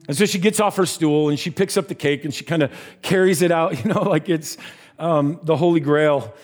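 Man telling a story over soft music. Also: on the high side, fast talker. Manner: animated storyteller, voices the characters. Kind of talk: sermon storytelling.

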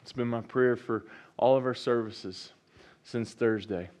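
A man's voice: medium pitch, a little slow. A male pastor preaching a sermon, reading scripture and repeating key phrases with rising enthusiasm. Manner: preaching with rising excitement and repetition.

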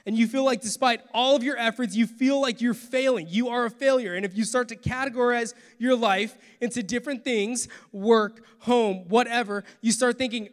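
High-voiced pastor preaching in a reverberant hall. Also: male voice, moderate pace, few pauses. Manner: earnest, swings from soft to forceful. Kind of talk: sermon.

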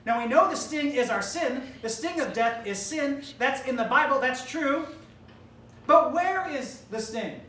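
Woman pastor, emphatic sermon delivery, high voice, distant mic. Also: animated, unhurried, a bit bright, slight background noise. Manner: emphatic, rhetorical, addresses death directly. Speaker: preacher. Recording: roomy hall, distant mic, faint ambience.

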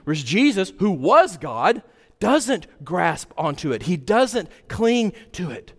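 A man preaching a sermon, earnest, swinging from loud emphasis to hushed intensity. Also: high voice, very animated, slow pace, in a large hall. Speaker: pastor.

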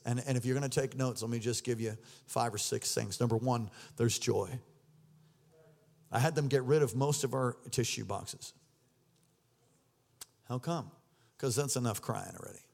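A man preaching an energetic sermon as pastor, shouting and leading the congregation in call-and-response. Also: mid-range voice, creaky. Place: church sanctuary.

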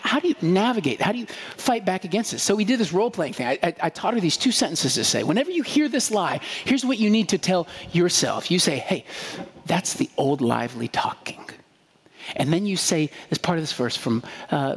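A man with a high, husky voice preaches in a loose, conversational way, telling stories and checking in with his listeners as he goes. His voice rings out with a long reverb, as if he were standing in a large hall. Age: adult with a young daughter. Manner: storytelling, rhetorical asides, frequent "right?". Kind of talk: conversational sermon.

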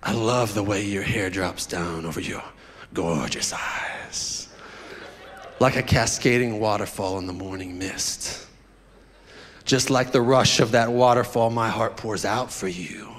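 A man voicing a smooth male R&B crooner, slowly drawing out a syrupy love letter. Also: fairly bright tone, long reverb tail. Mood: crooning. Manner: slow, low, drawn-out crooning.

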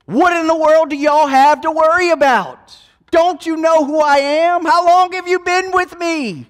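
A preacher acting out Jesus as a stern, commanding grown man who rattles off rebuking questions in a raised, pushed-up voice. The lines come slowly and land one after another. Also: extremely high pitch, voice pushed up. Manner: rapid string of rebuking rhetorical questions. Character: stern, commanding adult male Jesus scolding his followers. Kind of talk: sermon storytelling.

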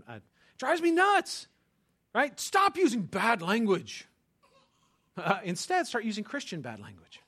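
Guy preaching a sermon, high bright voice, super animated, keeps asking right?. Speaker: pastor.

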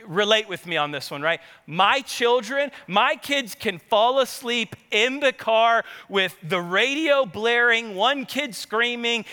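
A man as pastor, preaching a sermon with animated, conversational storytelling and asking the congregation to answer him. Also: very high-pitched, smooth. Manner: animated, conversational, engages the audience. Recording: long hall reverb.

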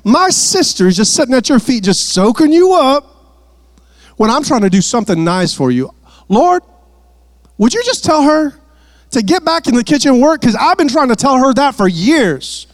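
A man's voice: extremely high pitch, very animated, normal speed, voice pushed up. A man voicing a frustrated, busy woman hostess who pleads and complains in exasperation. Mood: exasperated.

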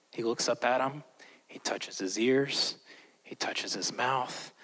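A man preaching a sermon as a pastor, swinging between loud, emphatic lines and hushed, slow ones. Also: medium pitch, rough recording. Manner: slows down and whispers for emphasis.

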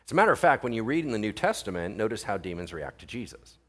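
A male pastor preaching in a lively, conversational way. His pitch rises and falls a great deal, and he keeps turning to the congregation with quick asides and questions. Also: husky. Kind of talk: sermon.

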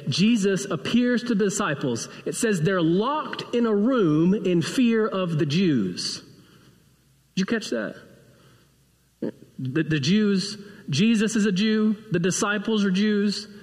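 Animated preacher man in a reverberant hall. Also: high-pitched. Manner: storytelling, acts out voices of figures. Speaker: pastor. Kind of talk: sermon. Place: church sanctuary.

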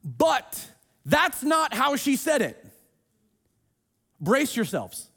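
A man preaching a sermon in a church, emphatic and swinging between hushed and loud. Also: very high voice, huge pitch swings, extremely slow, creaky. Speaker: pastor. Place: church sanctuary, streamed online.

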